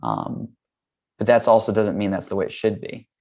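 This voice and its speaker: A man in his thirties from the United States speaks in a low voice with a gravelly edge. He tells a personal story in a relaxed, candid way, with easy fillers and the odd curse. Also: moderate pace. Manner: relaxed and candid, loose fillers, casual swearing. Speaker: yoga teacher and guest. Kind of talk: casual storytelling.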